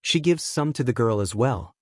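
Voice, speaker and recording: A man narrating a fan-written story in a steady, even storytelling manner. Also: medium pitch, normal speed, dry recording, clean studio sound. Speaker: fanfic narrator.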